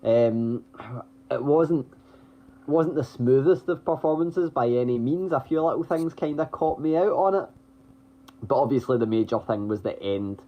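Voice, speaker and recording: A man's voice: medium pitch, lively intonation, normal speed. A man co-hosting a podcast, running through the week's wrestling news in a chatty way, with lots of ums, restarts and the odd chuckle. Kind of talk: casual news rundown. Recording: dull lo-fi audio.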